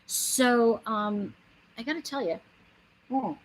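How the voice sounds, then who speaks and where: A woman's voice: a little high, takes it slowly, a little hiss or hum, rough recording. A woman giving a casual motivational monologue, earnest and emphatic, rambling with many asides. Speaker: inspirational speaker.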